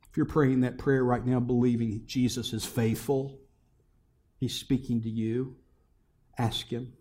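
A middle-aged male pastor preaching a sermon, firing rhetorical questions at the congregation and swinging between loud exhortation and soft, hushed passages. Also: medium pitch, little pitch movement, a little slow, long pauses.

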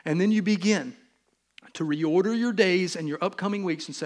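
A man's voice: sits high, normal speed. A male pastor with a Southern US accent giving a sermon in a conversational, joking way, acting out little quotes. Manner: conversational, jokey, acts out quotes.

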